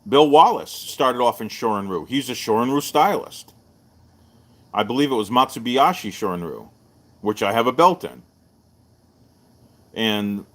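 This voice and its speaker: Man spinning a martial arts yarn. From Texas. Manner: animated storyteller, jumps up in pitch for quoted voices. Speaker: martial arts show host. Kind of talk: casual storytelling to a live stream.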